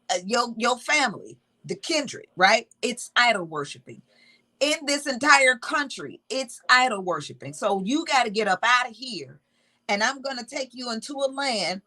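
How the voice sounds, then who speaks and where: A woman's voice: a little high, pushed and bright, low-quality recording. A woman teaching from the Bible in a casual, emphatic way, reading verses aloud and repeating key words.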